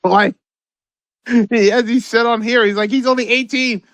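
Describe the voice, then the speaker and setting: A man with a high voice rants about the news as a podcast co-host. His talk is profane and rambling, full of repeated words, and his voice sounds close and dry. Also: steady tone, moderate pace, a bit bright, no room sound. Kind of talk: casual political commentary.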